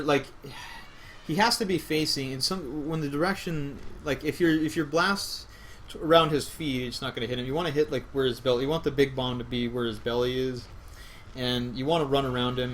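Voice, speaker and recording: A young man casually commentating his own speedrun, rambling and correcting himself as he gets excited. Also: medium pitch, normal speed, a little hiss or hum.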